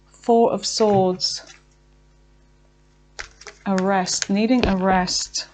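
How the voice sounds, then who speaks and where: A woman giving a casual tarot reading, chatty and filled with fillers, talking to herself as she pulls cards and sometimes slowing down to draw out her words. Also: mid-range voice, steady tone, background noise. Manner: chatty, with frequent fillers and self-talk. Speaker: tarot reader.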